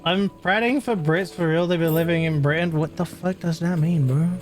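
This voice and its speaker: Mężczyzna, streamer gier, swobodnie komentujący rozgrywkę, często się śmieje, klnie i zwraca się do widzów oraz do postaci. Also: male voice, a little high, moderate pace, soft background music. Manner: giggly, swears a lot, talks to chat and the characters. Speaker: gaming streamer. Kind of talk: casual gameplay commentary.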